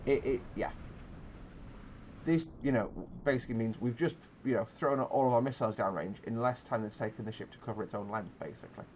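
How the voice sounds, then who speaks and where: A man's voice: medium pitch, fairly quick, darkish tone, muffled recording, slight background noise. A man giving casual gameplay commentary, explaining tactics in a rambling way with many fillers and restarts.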